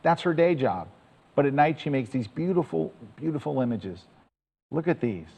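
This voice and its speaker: A man's voice: mid-range voice, big pitch swings, moderate pace, gravelly, warm tone, breathy edge, big-room sound, rough recording. A man giving a chatty, enthusiastic storytelling talk to an audience as presenter.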